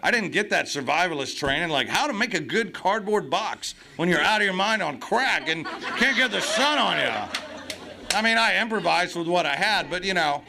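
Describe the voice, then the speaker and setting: A man's voice: high voice, lively intonation, moderate pace, gravelly. A man speaking at a recovery meeting, telling blunt, profane, comic stories to a live crowd. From United States. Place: meeting hall before an audience.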